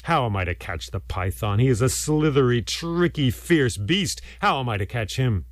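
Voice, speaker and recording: A man voicing a clever male trickster figure who coaxes and flatters with feigned hesitation. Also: mid-range voice, moderate pace, no room sound, studio quality, lightly acted. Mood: coaxing. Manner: sly, coaxing, hesitant.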